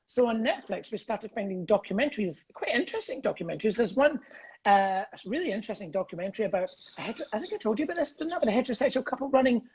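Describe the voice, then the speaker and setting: A Scottish man chatting as a comedian guest on a video call from home, animated and rambling, laughing through his stories. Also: sits high, very fast, breathy edge, lo-fi sound. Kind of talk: casual video-call chat.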